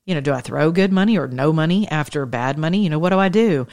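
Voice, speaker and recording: A woman's voice: sits low, expressive, quick pace, darkish tone. A woman in her thirties giving an informal, conversational sermon with impassioned, shifting pace. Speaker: preacher.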